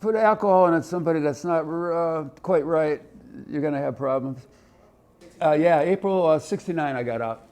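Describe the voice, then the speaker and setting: Man in his 70s from Ohio, military veteran recounting anecdotes for an interview, vivid and animated, acting out the voices and sounds in his stories, with a somewhat high pitch. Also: normal speed. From Ohio, USA. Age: older, 70s. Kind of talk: oral history interview storytelling.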